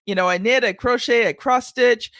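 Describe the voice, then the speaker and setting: An older woman hosting a podcast, telling stories in a chatty, animated way. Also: on the high side, normal speed, no room sound. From Canada. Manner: chatty storyteller, acts out children's voices. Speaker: podcast host. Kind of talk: casual chat.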